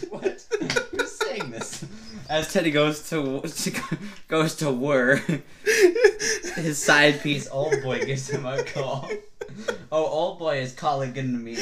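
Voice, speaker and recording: A man co-hosting a comedy podcast, reading absurd fan fiction aloud in a mostly flat voice and often breaking into laughter. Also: on the high side, slow pace, noisy background.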